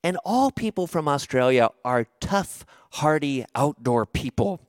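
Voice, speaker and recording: A middle-aged man preaching a sermon, telling a story in a conversational, expressive way and slowing down for emphasis. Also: fairly high pitch, no room sound, studio quality. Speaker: pastor.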